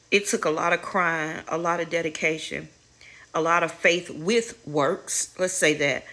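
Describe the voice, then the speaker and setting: A woman's voice: lowish voice, pushed and bright. A middle-aged woman casually sharing life lessons with her viewers, candid and preachy, swearing freely and calling them y'all. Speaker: spiritual advisor and channel host. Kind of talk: casual inspirational talk to viewers.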